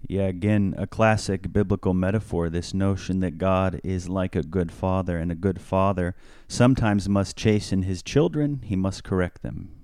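A man, a priest, explaining scripture on a podcast in a measured, teacherly way, stressing key words. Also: sits low, fairly even intonation, a little mellow, clear, resonant tone, dry recording.

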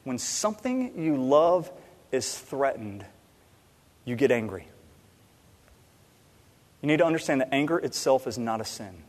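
A man preaching a sermon in a church, animated, swinging between loud emphasis and quiet asides. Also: mid-range voice, measured pace, pauses often. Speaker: pastor. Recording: long reverb in a large hall.

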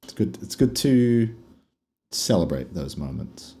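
Male co-host, low and expressive, relaxed. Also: measured pace. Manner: laid-back, brief replies and chuckles. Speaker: podcast co-host. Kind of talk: casual chat.

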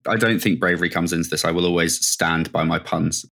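A man's voice: low-pitched, fairly even intonation, brisk, vocal fry, a bit bright. A man from the UK co-hosting a podcast in casual chat, with a nasal voice and an opinionated, wry way of talking. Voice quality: self-described nasal voice. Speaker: podcast co-host.

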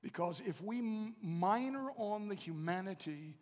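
A man preaching a sermon, swinging from hushed lines to loud, rising climaxes and repeating phrases for emphasis. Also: high voice, expressive, measured pace. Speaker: pastor. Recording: long reverb in a hall.

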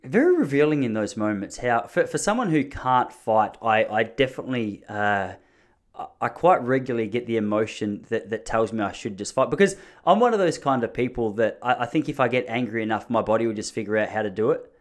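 A man's voice: medium pitch, lively intonation, a little fast. Chatty Australian man hosting a podcast. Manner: chatty, rambling, jokey storytelling. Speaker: podcast host. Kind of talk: casual chat.

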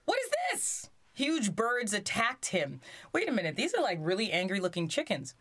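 Animated woman reading a storybook. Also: mid-range voice, normal speed. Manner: animated, joking asides between lines. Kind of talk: reading a children's story aloud with playful asides.

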